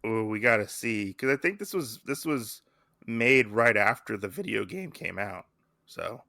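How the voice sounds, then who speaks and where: A young man talks through a comic in a relaxed podcast chat, bright and forceful in tone. He acts out the characters' lines with lots of animation. The sound is close and dry. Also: on the low side, a little slow, vocal fry, no room sound. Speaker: podcast co-host. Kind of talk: casual chat recapping a comic.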